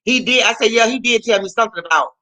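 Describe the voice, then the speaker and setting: A man hosting his own show, telling a story in casual, profane, animated style and acting out the voices in it. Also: fast, poor audio. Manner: animated and profane, acting out quotes with big pitch jumps. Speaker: host.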